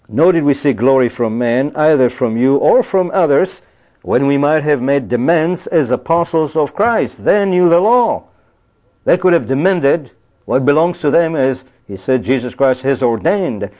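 A male preacher delivers a sermon with emphatic conviction, reading verses and breaking off to drive home his points with rhetorical questions. His voice sits at an ordinary middle pitch. The recording sounds muffled and lo-fi. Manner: emphatic, repeats "you see" and asks rhetorical questions.

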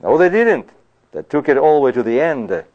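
A man's voice: mid-range voice, big pitch swings, normal speed, highs cut off. A man preaching a sermon. He reads scripture aloud, comments on it emphatically, and keeps checking in with his listeners by asking "you see?". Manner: emphatic, rhetorical, often asks "you see?".

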